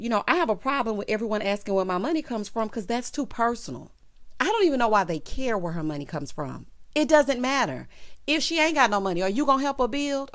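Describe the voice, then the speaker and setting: A woman giving a sassy, gossipy commentary on a reality TV episode, breaking into loud laughs. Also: medium pitch. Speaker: reality TV recap host. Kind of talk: casual recap commentary.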